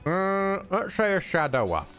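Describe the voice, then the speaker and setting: A man's voice: sits high, very animated, measured pace, a bit bright, faint music behind. A man streaming a video game, chatting casually in a playful, crude and jokey way. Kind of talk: casual gameplay commentary.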